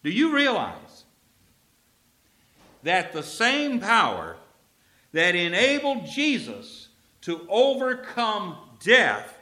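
A man from Texas, a preacher delivering an emphatic sermon and slowing down to stress key phrases. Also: high-pitched, huge pitch swings, bright, forceful tone.

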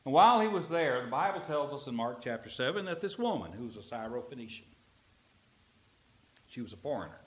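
A man preaching a sermon as pastor, telling a story with animated swings from loud emphasis to a near whisper. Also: fairly low pitch.

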